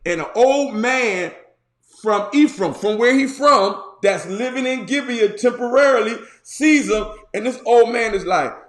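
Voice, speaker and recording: Male pastor, sermon, slangy storytelling, fairly high voice, roomy church echo. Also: a little slow. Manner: colloquial, animated storytelling with slang.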